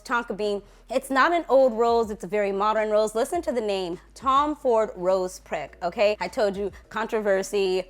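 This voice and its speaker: A young woman reviewing perfumes in a casual vlog, gushing and playful, lingering over sensual words. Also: medium pitch. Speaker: fragrance reviewer.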